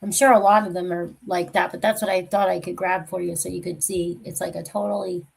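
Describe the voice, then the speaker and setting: A woman's voice: on the low side, level tone, a little fast, creaky, low-quality recording. A woman hosting a casual true crime livestream, talking in a rambling, confiding way that trails off mid-sentence.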